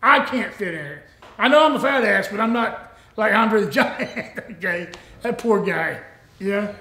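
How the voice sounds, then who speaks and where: Older male guest, rambling salty yarns, higher-pitched, echoey room. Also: animated, unhurried, sharp tone. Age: 60s. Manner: rambling, salty, laughs often. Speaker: retired pro wrestler, guest. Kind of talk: casual storytelling.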